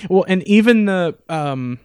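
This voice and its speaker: A man hosting a casual podcast, chatting in a relaxed way and asking his guest questions. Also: high-pitched, unhurried, clean tone. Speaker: podcast host.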